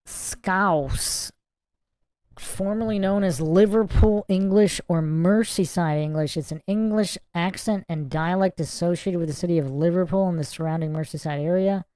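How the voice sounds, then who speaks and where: Mellow-voiced man chatting on a livestream. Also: high-pitched, moderate pace, hardly any pauses, clear, resonant tone, no room sound. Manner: chatty, muses aloud, reads comments and look-ups aloud. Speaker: livestream host reading viewer chat. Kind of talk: casual livestream chat.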